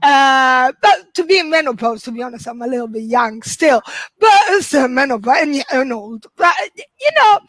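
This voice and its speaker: High-pitched and a bit bright, her voice moves at a moderate pace with no echo. She's a forties-aged stand-up comedian from Italy, accent and all, doing a chatty, self-deprecating set from home via video call while laughing through it.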